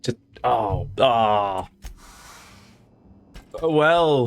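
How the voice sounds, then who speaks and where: A man's voice: mid-range voice, expressive, slow, pauses often. A man hosting a let's play, talking through the game in a playful, gushing way. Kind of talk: casual gameplay commentary.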